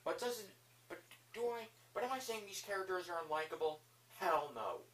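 A man's voice: high voice, animated, fairly quick, a bit bright. Rambling enthusiastic male reviewer. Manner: enthusiastic and rambling, many fillers. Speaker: video reviewer. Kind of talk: casual spoken review.

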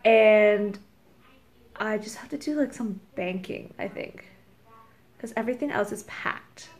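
Speaking a little slowly in a mid-range voice, a vlogger and expectant mother chats casually to camera and rambles with lots of fillers. She's recording on a handheld phone in a parked car.

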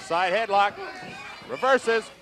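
A man giving brisk play-by-play commentary on a wrestling match. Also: sits high, noisy background. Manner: brisk, matter-of-fact calls.

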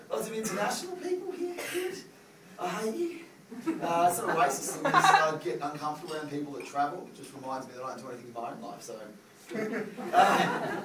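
A man in his thirties with an Australian accent doing a stand-up comedy set, loud and animated, swearing through his rants. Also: a little high. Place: comedy club stage with audience. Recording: roomy live venue, crowd, from far off.

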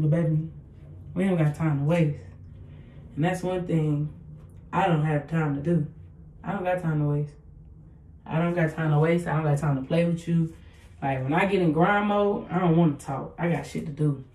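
A woman's voice: lowish voice, mellow. Blunt, swearing woman in an echoey room. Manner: blunt, emphatic, repeats herself, swears freely. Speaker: podcast host. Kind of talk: casual motivational monologue. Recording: echoey room, voice far from mic.

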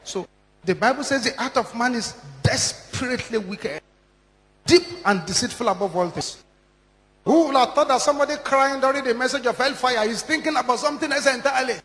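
Pastor guy preaching hard, high voice, lots of repeating, big echo like a church hall. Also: fairly quick, fairly bright tone. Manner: emphatic, repeating lines with strong rises and drops. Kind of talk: sermon. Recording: long hall reverb.

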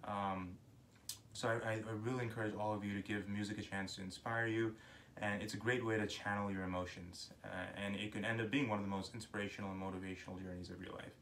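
A man's voice: lowish voice, level tone, fast talker, a bit bright, a little hiss or hum. A young man, a musician, earnestly encouraging young viewers to pursue music, with frequent ums and restarts. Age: young adult. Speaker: sitar musician. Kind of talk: closing talk to young viewers. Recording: roomy, distant mic.

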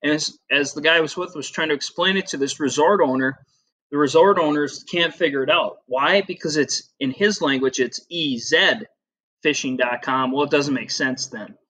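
A man's voice: on the high side, a little fast, bright, forceful tone. A man from the United States in his thirties, teaching a casual geography lesson with frequent fillers and personal stories. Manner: chatty, rambling, with filler words and personal anecdotes. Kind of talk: casual classroom video lesson.

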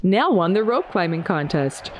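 A woman reading a children's picture book aloud with an expressive, lilting storybook delivery. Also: fairly low pitch, normal speed, a little hiss or hum.

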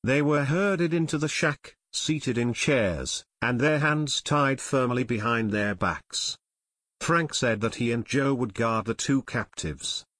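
A man's voice: mid-range voice, slow, fairly bright tone, no echo, clean studio sound. A man narrating an audiobook expressively, voicing every character.

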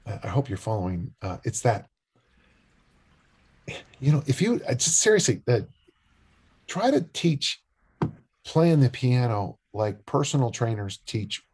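An older strength and discus coach, interviewed on a podcast, tells lighthearted stories in a husky, mid-range voice. He's animated and jokes his way through them.

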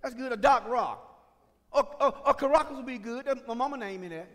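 High-voiced preacher man, echoing hall. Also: fairly quick. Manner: impassioned preaching that swings from shouts to conversational asides. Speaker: pastor. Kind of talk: sermon. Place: church sanctuary. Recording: reverberant church sanctuary.

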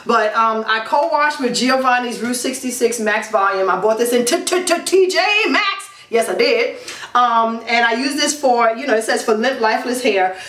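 A woman's voice: on the high side, normal speed, fairly bright tone, slight background noise. A woman talking through her hair care routine in a casual review vlog, emphatic and chatty with many ums and repeats. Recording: echoey room, distant mic.

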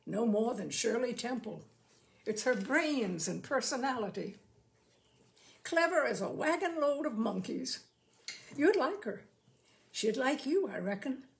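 A woman's voice: on the high side, big pitch swings, measured pace, creaky, long pauses, full character voice. A woman voicing a shy young showman. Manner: rustic folksy speech. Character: shy polite young male traveling showman.

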